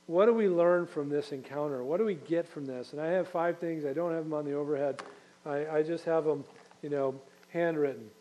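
A man's voice: a little high, dark tone, rough recording. A man preaching a sermon in a conversational way, repeating key phrases for emphasis. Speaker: pastor.

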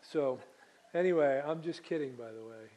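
A man's voice: mid-range voice, moderate pace, mellow, lo-fi sound, slight background noise. A man preaching a sermon, reading scripture aloud and then explaining it with asides and small slips. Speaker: pastor.

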